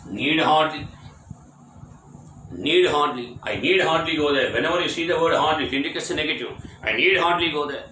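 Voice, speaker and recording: A man's voice: fairly high pitch, fairly quick, bright, forceful tone, slight background noise. A man teaching English grammar, drilling short example sentences over and over with emphatic repetition. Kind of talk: grammar lecture. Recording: distant mic in an echoey room.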